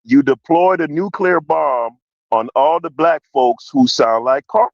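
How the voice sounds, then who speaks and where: A man's voice: on the high side, a little slow, vocal fry, dry recording, highs cut off. A man making his case in a heated podcast debate, emphatic and repeating his point. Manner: emphatic, repeats "that's all I'm saying".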